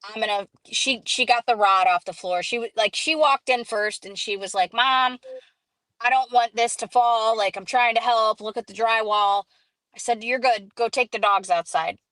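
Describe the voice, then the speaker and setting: A woman hosting a casual live stream, telling a story in an animated way, acting out quoted dialogue and greeting viewers as she goes. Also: a little high, moderate pace, dry recording, low-quality recording.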